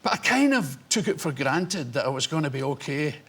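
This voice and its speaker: Husky high-voiced Scottish man. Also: fairly quick. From Scotland. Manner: animated, acts out voices in his stories. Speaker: comedian guest. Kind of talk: anecdotal interview storytelling.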